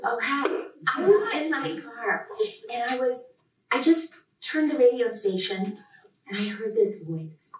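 At a reading in a lecture room, a woman professor introduces a poet from a podium mic, warm, enthusiastic, and heartfelt, in an unhurried delivery. Her voice is a little high with lively intonation, and the echoey hall and distant mic give it a roomy sound.

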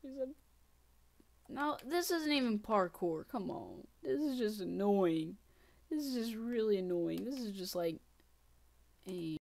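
A woman's voice: a little high, expressive, a little slow, creaky, darkish tone. A woman giving casual gameplay commentary as host of her gaming channel. She mutters and whispers to herself, then breaks into sudden frustrated outbursts.

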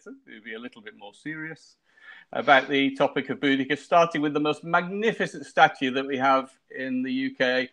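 A man hosting a casual video-call chat, cracking jokes and restarting his sentences as he goes. His voice is bright and forceful and sits a little high. He rambles but keeps things moving. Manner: jokey, rambling with many restarts. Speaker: wargaming show host.

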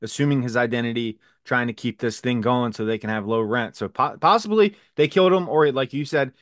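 A man's voice: medium pitch, a little fast, no echo, clean studio sound. A man co-hosting a TV recap show, retelling scenes in casual chat, swearing and quoting characters. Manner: excited retelling, swears, acts out lines. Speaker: recap podcast co-host.

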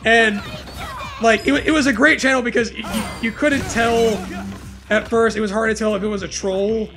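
Young man, high voice, rambling crude storyteller, casual gaming chat, music underneath. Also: steady tone, gravelly. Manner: rambling, halting storytelling with crude jokes and laughter. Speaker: gaming co-host. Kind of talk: casual chat over gameplay. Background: game music.

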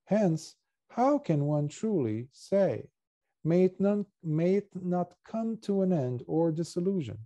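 A monk reading as the Buddha, a gentle aged teacher. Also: male voice, high voice, animated, slow pace, highs cut off, pitched above the performer's own voice. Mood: consoling. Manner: gently consoling, earnest reading. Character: the Buddha, aged compassionate male teacher, calm.

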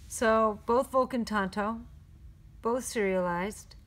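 A woman's voice: on the high side, slow pace, fairly bright tone. A woman presenting her company's knives in an upbeat, detailed product showcase.

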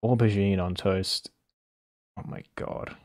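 A man's voice: on the low side, fairly even intonation, slow, darkish tone. A man streaming live, reacting to videos with incredulous, swearing, laughing commentary.

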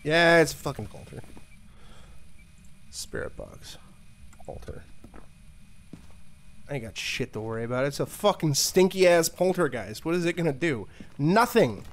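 Here a man with a rather high, expressive voice streams a ghost-hunting game at normal speed, pausing often. He curses liberally, mocks the ghost, and cracks jokes both to himself and to viewers in the chat.

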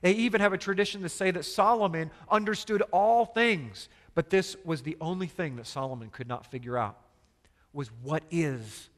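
Emphatic and full of rhetorical questions for his congregation, a pastor preaches a sermon. His voice is high-pitched and fairly bright, and a long reverb tail follows it.

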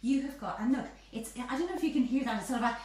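A woman chatting bubbly and playful as she demonstrates a recipe live from her home kitchen. Her fairly high voice rings around a very echoey room, picked up from a few feet off with faint noise behind it. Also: rapid-fire, a little mellow, far from the mic. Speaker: home baking host.

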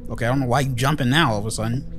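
A man giving loud, excitable let's play commentary, swearing often and making mock-dramatic pleas. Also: medium pitch, racing, soft background music. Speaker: gaming channel host.

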